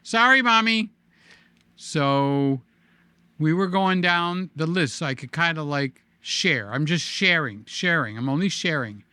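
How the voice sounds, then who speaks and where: A man's voice: fairly high pitch, lively intonation, unhurried, sharp tone, clean tone, no echo. A middle-aged man hosting a casual vlog, talking animatedly to camera, joking and repeating himself. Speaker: vlogger host. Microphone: desk microphone.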